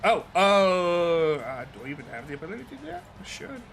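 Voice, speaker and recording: A man giving color commentary on a sim race broadcast, relaxed with dry asides. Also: high voice, fairly quick, over music.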